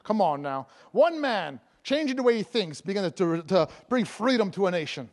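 A man's voice: high voice, very animated, moderate pace. A man preaching a sermon as an evangelist, joking and laughing often between points, talking loosely with lots of fillers and restarts.

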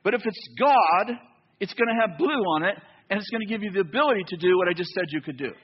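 A man preaching a sermon in a church, telling a story with lively back-and-forth dialogue. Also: sits high, quick pace, slightly rough, highs cut off. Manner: animated storytelling, acts out both sides of dialogue. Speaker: pastor.

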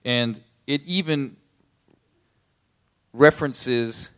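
A man's voice: medium pitch, drawn-out words, a bit bright, clear, resonant tone. A man preaching a sermon, explaining a scripture passage in a casual, conversational way and rising to emphatic points. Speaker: pastor.

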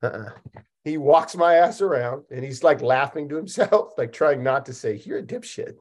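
A man's voice: mid-range voice, normal speed. A man hosting a podcast, telling a story in a casual, comedic way, laughing often and acting out the dialogue. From Oregon, United States. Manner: animated, laughing, acts out dialogue. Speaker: podcast host.

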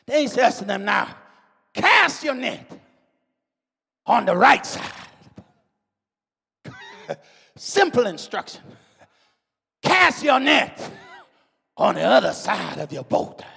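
A man preaching a sermon, shouting out drawn-out phrases in call-and-response style. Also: sits high, very animated, gravelly, slightly rough. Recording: long church-hall reverb.

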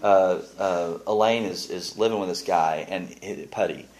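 A man's voice: sits low, moderate pace. A man leading a casual Bible study, teaching with many restarts and reading verses aloud. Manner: animated, restarts often, reads scripture aloud.

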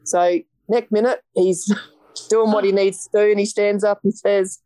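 A woman's voice: mid-range voice, steady tone, a little slow, dark tone, dry recording. An Australian woman, a podcast guest, telling a story in a casual interview, blunt and vivid, acting out the quoted dialogue.

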